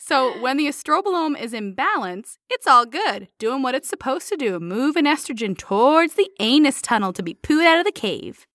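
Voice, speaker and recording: A woman's voice: sits high, very animated, normal speed, few pauses, fairly bright tone, no room sound, clean studio sound. A woman co-hosting a playful health podcast, explaining science and laughing often. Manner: giggly, explains science with jokes. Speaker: podcast co-host.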